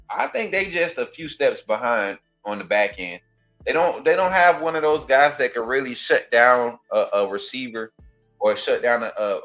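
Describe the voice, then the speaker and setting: A man's voice: medium pitch, fairly bright tone. A man hosting a casual sports talk show, rambling and restarting as he trash-talks teams. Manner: trash-talking, rambling with restarts, apologetic laughs. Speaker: host of a football call-in show.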